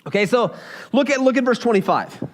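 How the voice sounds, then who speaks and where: A young man with a very high voice is preaching. His delivery is loose and conversational, and he slips into little acted voices when he quotes someone. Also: very animated, a little fast, a little hiss or hum. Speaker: pastor. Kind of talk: sermon.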